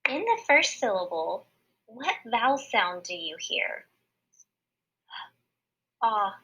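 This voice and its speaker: A woman teacher giving a recorded word study lesson for children, patiently sounding out syllables slowly and clearly. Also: on the high side, very animated, sharp tone, poor audio.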